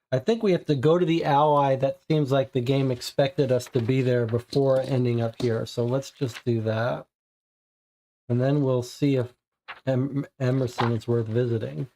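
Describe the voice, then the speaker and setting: Playing a co-op mystery board game, a man with a mellow, medium-pitched voice reads out the case entries. He thinks aloud as he goes, puzzled by the clues, acting as both player and host.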